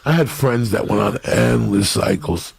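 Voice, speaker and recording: A man's voice: fairly low pitch, a little slow, gravelly, breathy edge, no room sound. A man, a stand-up comedian, telling crude, profane stories on a podcast and laughing at his own jokes.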